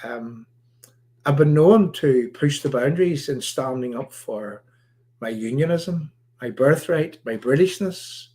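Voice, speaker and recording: A man from Ireland, hosting a political commentary livestream in an emphatic, repetitive, halting way. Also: medium pitch, darkish tone. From Northern Ireland. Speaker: livestream host.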